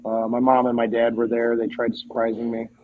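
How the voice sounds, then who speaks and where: A man as a podcast guest, telling stories in a casual, animated way and acting out the dialogue. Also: mid-range voice, a little fast, narrow, tinny audio, a little hiss or hum. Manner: animated, acts out quoted dialogue. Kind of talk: casual storytelling.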